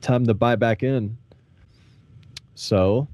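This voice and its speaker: A man's voice: medium pitch, fairly even intonation, takes it slowly, dark tone, no room sound. A man from the American South co-hosting a podcast in loose, profane, laid-back banter. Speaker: podcast co-host. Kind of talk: casual chat.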